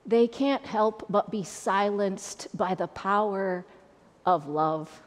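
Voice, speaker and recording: A woman's voice: medium pitch, takes it slowly. A woman pastor giving a sermon in a conversational, repetitive preaching style, with an Upper Midwest American accent. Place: church sanctuary. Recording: long church reverb.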